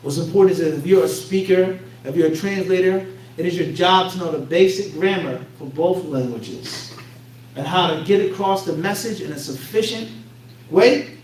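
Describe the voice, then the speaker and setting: High-voiced Philadelphia man lecturing in an echoey room. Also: normal speed, darkish tone. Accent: Philadelphia American. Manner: fills in blanks with rhetorical "what?" questions; blunt, streetwise phrasing. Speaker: Islamic teacher. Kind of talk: religious lecture to a class. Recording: echoey room, mic far off, faint hum.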